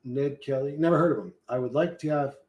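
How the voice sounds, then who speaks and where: A man's voice: medium pitch, quick pace, darkish tone, echoey room, lo-fi sound. A man with an American accent streaming casually, rambling and swearing while he reads chat. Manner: profane, rambling, loose and joking. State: hot and sweating.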